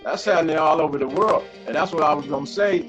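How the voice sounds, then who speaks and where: A man's voice: a little high, quick pace, dull audio, music in the background. A man in a casual chat, chiming in agreeably and backing up the host. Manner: agreeable, chiming in with short affirmations.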